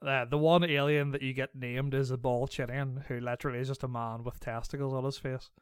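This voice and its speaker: A man's voice: medium pitch, little pitch movement, a little fast, clear, resonant tone, no echo, clean studio sound. A young man co-hosting a podcast, chatting casually and animatedly, often laughing as he talks. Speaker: podcast co-host. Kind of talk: casual chat.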